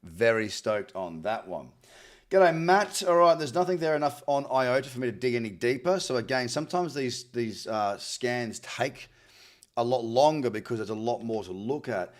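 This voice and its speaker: At normal speed and with an expressive, medium-pitched voice, an Australian man runs a live trading stream. He goes over charts cheerfully, often repeating words while responding to his viewers.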